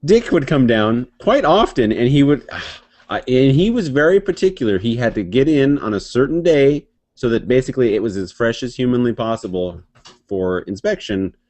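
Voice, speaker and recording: A man telling stories in a casual, profane, animated chat, laughing often. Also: mid-range voice, normal speed. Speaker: podcast co-host.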